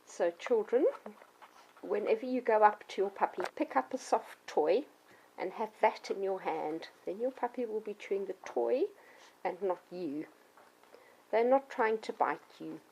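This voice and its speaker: Woman, middle-aged, dog trainer, patient teaching voice, mid pitch. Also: animated, unhurried, darkish tone, muffled recording, slight background noise. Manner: clear, patient explaining, acts out yelps and children's voices. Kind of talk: instructional talk to children and parents.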